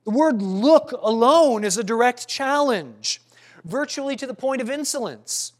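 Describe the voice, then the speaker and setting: A man preaching a sermon, earnest and questioning, with dramatic pauses and some restarts. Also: very high-pitched, expressive.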